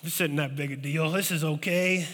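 A man preaching a sermon as pastor, telling stories with animated, acted-out voices. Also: on the high side, normal speed, big-room sound. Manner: animated storytelling, acting out scared voices.

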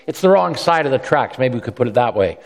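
A man delivers a sermon in an easygoing, conversational manner, stumbling over and repeating words as he thinks aloud. His pitch sits in the middle range. He lifts his voice to act out the quotes in his story, and a long reverb from the hall trails behind him. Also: sing-song, fast. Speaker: preacher.

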